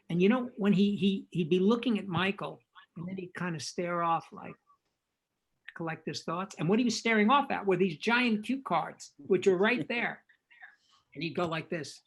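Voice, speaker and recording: Older man, husky gravelly voice, lively storytelling, interview guest. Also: sits high, moderate pace, low-quality recording. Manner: animated anecdotes, acting out quotes. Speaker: film director, interview guest.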